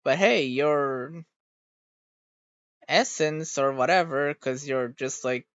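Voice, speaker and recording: A VTuber streamer chatting casually in a rambling way, swearing freely and getting irritated quickly. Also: mid-range voice, dry recording. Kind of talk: casual stream reaction chat. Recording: dull, dry home recording.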